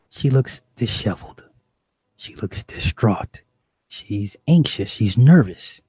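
Guy telling a crazy story, husky dark voice, dry close sound. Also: mid-range voice, no room sound. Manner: animated, profane, acts out the people he describes. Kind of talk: casual comic storytelling.

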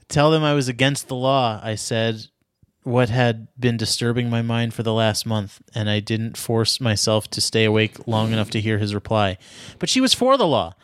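A man reads a melodramatic story aloud in a mock-serious tone, pausing now and then to joke with a co-host. His fairly low voice is clean and unhurried, with little pitch movement and no room sound.

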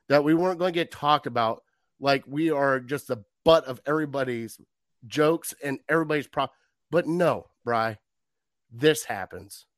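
Animated ranting man, higher voice. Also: no echo, studio quality. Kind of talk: casual sports chat.

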